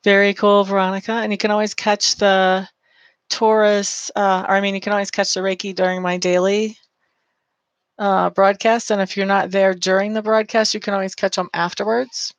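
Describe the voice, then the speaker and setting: A woman's voice: mid-range voice, little pitch movement, normal speed, no room sound. A woman giving a live-streamed tarot reading, chatty and affectionate, calling listeners honey and reading out viewer comments. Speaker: tarot reader.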